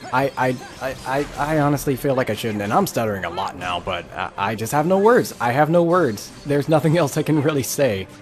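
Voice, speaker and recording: A man's voice: medium pitch, expressive, brisk, few pauses, soft background music. A man giving casual, rambling gameplay commentary as a let's play YouTuber, frustrated and full of filler words.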